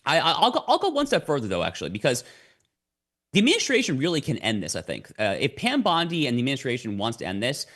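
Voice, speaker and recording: A man's voice: medium pitch, huge pitch swings, fast, a bit bright. A man as a podcast guest, explaining at length in a lecturing way and repeating words as he starts his sentences. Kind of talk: explanatory conversation.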